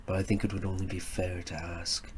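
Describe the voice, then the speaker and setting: A man voicing a weathered older male wanderer who speaks softly, deep and dignified, with a faint northern lilt. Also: level tone, a little fast, a little hiss or hum, natural voice. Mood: calm, knowing.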